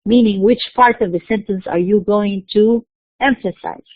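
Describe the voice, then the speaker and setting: A woman giving a recorded university lecture, explaining slowly and mixing in terms. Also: medium pitch, no echo. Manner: explains slowly, spelling out letters, slipping into Arabic terms. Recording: dry tinny phone-like recording.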